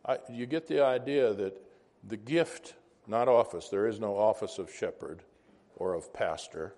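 A man's voice: fairly low pitch, unhurried, a little mellow. A man teaching an informal Bible class, conversational and wandering into asides, asking the class questions.

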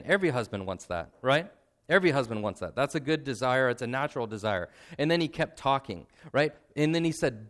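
A man's voice: mid-range voice, animated, normal speed, a bit bright. A man, perhaps in his thirties, preaching a sermon in an earnest, conversational way, often adding "right?" and at times close to tears. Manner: earnest and emotional, nearly tearful at times; conversational, with frequent "right?" asides and repetition. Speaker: pastor.

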